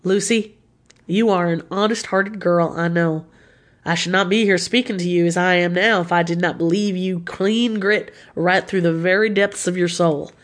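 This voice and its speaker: A woman's voice: lowish voice, fairly even intonation, normal speed, close to an everyday voice. A woman reading the lines of an earnest young American man proposing, in a folksy, sincere way.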